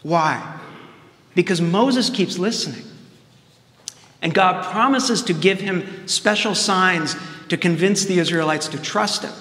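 A man's voice: sits high, takes it slowly, pauses often, sharp tone. A man preaching with a slightly raised voice, his easy, conversational delivery spreading through a church. The room is roomy, and a long reverb trails after each phrase. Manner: conversational, plain-spoken preaching with casual asides. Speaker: seminarian preaching. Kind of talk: sermon. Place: church sanctuary.

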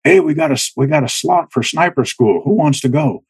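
A man voicing a gruff army team sergeant in a story, raised and barking. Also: on the high side, lively intonation, a little fast, voice pushed up. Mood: bossy.

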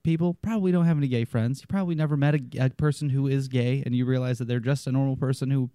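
A man's voice: mid-range voice, fairly even intonation, very fast, warm tone, clean tone, no echo, studio quality. A man chatting casually on a podcast, telling stories about clients, swearing and acting out what people said to him. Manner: storytelling, swears, acts out quotes.

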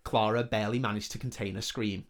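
A man's voice: lowish voice, steady tone, fast. A man reading a comedic fantasy story aloud in a joking manner. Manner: joking, laughs between lines.

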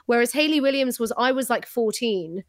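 A young woman co-hosting a podcast, talking in a giggly, chatty way. Her voice sits high and is recorded dry and close, as if at home. She slips into other voices when she tells stories. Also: lively intonation, a little fast, no room sound. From London. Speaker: podcast co-host. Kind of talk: casual podcast chat. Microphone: remote recording, close mic.

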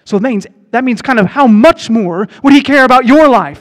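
High-voiced animated male preacher. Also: normal speed, big-room sound. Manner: animated preaching, rising to loud proclaiming, dropping to quiet earnest tones. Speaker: pastor. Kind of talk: sermon.

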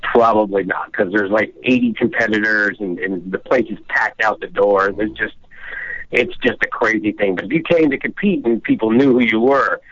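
A man's voice: fairly low pitch, normal speed, a bit bright, no echo. A man calling into a talk show by phone, rambling with lots of fillers. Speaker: caller, event host. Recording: dull, lo-fi phone call.

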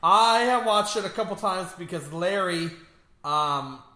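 High-pitched, bright-voiced man, casual chat. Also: animated, measured pace, roomy sound. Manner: joking, rambling, laughs often. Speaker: podcast co-host. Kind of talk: casual movie review chat.

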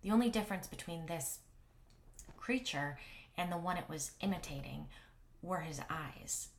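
Female first-person storyteller, slightly low voice, hushed intimate delivery with whispered asides. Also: animated, moderate pace, slight background noise. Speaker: paranormal blogger and storyteller.

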